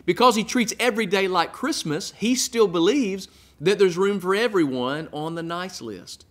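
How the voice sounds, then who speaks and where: Male pastor, higher-pitched, earnest sermon delivery with emphatic repetition. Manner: earnest preaching with emphatic repetition and dropped, quiet line endings.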